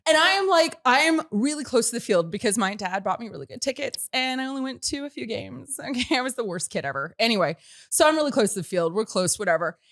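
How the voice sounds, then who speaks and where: Animated woman telling a story. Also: fairly high pitch, fast talker. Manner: lively, laughing, shouts quoted lines. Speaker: show host. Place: radio studio.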